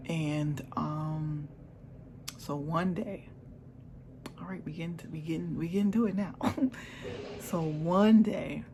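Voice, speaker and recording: A woman's voice: deep voice, takes it slowly, long pauses, background noise. A woman vlogger candidly telling a personal story in a chatty, repetitive way. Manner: candid, chatty, repeats herself.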